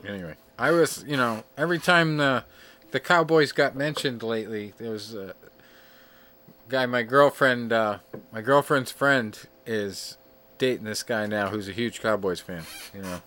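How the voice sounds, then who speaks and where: A man hosting a casual show, reading off records in a laid-back, joking way with frequent filler pauses. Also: medium pitch, pushed and bright. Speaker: podcast host. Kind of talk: casual chat.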